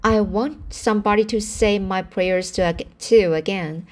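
A sheepish little boy, earnest and a bit mischievous, rushing through pleading confessions, as a woman reads him in a storybook. The voice sits at a middle pitch and moves slowly overall. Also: natural voice.

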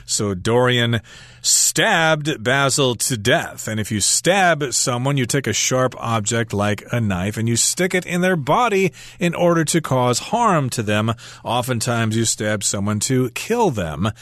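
A man's voice: medium pitch, lively intonation, measured pace, a bit bright, dry recording. Male co-teacher defining vocabulary. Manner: explanatory, defines words plainly. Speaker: English teacher. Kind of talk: radio English lesson.

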